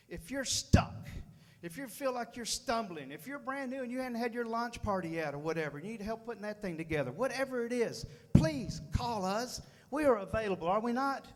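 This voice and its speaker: A man giving a folksy, fired-up motivational speech to a room at a sales meeting, repeating phrases for emphasis. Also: high voice. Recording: long hall reverb.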